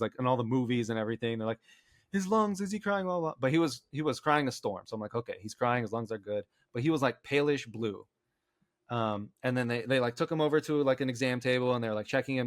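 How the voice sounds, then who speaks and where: Male podcast co-host, casual rambling storyteller who acts out quotes, mid pitch, dry close mic. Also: no room sound. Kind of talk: casual storytelling among friends.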